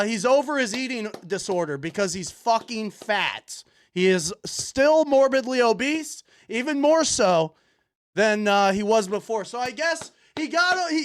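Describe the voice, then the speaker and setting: Profane, excitable male livestreamer. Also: very high-pitched. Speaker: livestream host. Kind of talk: livestream commentary reacting to online posts.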